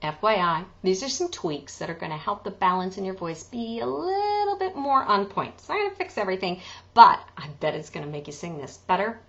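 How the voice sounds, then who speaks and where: A woman's voice: medium pitch, big pitch swings, brisk, highs cut off. A woman teaching an online singing lesson, chatty and joking, breaking into sung examples. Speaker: vocal coach.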